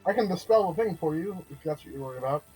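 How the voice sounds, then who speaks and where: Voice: mid-range voice, expressive, rapid-fire, a little mellow, faint music behind, poor audio. A tabletop game player talking casually and hesitantly, full of fillers and restarts. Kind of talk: casual tabletop role-play.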